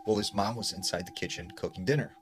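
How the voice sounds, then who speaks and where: A man's voice: fairly low pitch, fast talker, noisy background. A man narrating scary stories in a casual way, full of fillers, and dropping his voice when quoting people. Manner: casual, many fillers like "like" and "you know". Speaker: storyteller. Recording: music playing underneath.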